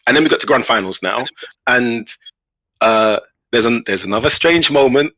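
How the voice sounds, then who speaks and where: A man telling a story in a casual podcast chat, animated, with many restarts. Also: medium pitch, moderate pace, no room sound, poor audio. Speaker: guest player.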